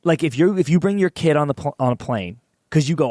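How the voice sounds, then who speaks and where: A man's voice: fairly high pitch, lively intonation, a little fast, dark tone, no echo, clean studio sound. A young man co-hosting a casual comedy podcast, building absurd scenarios and laughing along. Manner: spins absurd hypotheticals, laughs often. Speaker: podcast co-host.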